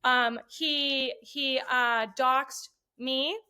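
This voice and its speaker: A woman's voice: sits high, very slow, clean tone. A woman, a podcast guest, telling casual stories bluntly and with lots of swearing, acting out the voices of the people in them. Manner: blunt, profane, animated retelling with quoted voices. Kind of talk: casual storytelling chat.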